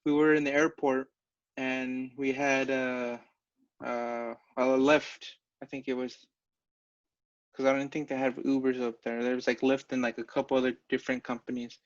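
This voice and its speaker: A man co-hosting a podcast, telling a story in a halting way, with lots of fillers and restarts. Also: mid-range voice, little pitch movement. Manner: halting, filler-heavy storytelling with frequent laughs. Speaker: podcast co-host. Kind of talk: casual chat. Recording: dull lo-fi recording.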